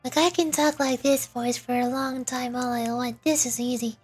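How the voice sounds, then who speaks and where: High-voiced woman streamer, chatty and casual, faint music under. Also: steady tone, normal speed, slightly rough. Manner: chatty, self-commenting, laughs often. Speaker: voice-acting streamer.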